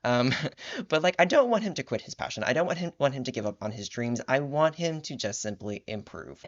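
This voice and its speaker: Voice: mid-range voice, lively intonation, a little fast, highs cut off. A tired vlogger in casual reaction commentary, rambling and exasperated, swearing often and restarting sentences. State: tired late at night.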